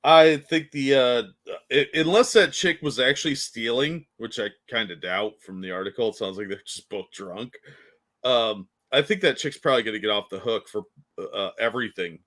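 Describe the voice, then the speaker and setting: A man with a mid-range voice trades quips in relaxed podcast chat. He jumps in with jokes and laughs readily between remarks. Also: mid-range voice, normal speed. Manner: jokey, laughs often, chimes in with quips. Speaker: podcast co-host. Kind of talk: casual chat.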